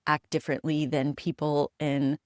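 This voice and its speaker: An American woman hosts a solo podcast, telling personal stories candidly and emphatically while swearing freely, reflecting with frequent pauses. Her low voice shows little pitch movement, captured as a dry, clean studio recording.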